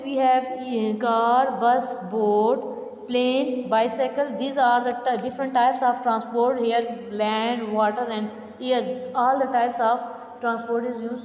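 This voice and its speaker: A woman teacher, pitched a little high, talking through exercises at a slow, deliberate pace. Her voice rings in a reverberant room with a faint hum behind it. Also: darkish tone. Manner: slow, deliberate, repeats answers word by word. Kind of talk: online revision lesson.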